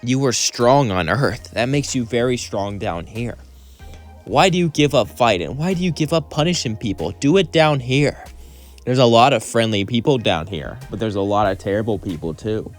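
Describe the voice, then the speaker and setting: Smug scheming demon, low-key coaxing delivery; male narrator voicing. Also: expressive, moderate pace, faint music behind, natural voice.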